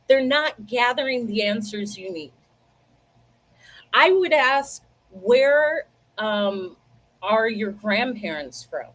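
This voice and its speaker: Chatting directly with her audience on a livestream, this woman from the United States spins casual, lively stories. She takes her time, her pitch sits slightly above the typical woman's, and the sound comes through a computer microphone.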